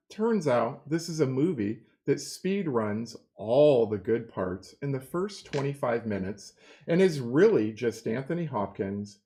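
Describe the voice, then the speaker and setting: Slow, wry American co-host. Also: medium pitch, a little mellow. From United States. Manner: wry, deliberate delivery, swears casually. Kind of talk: casual chat reading reviews.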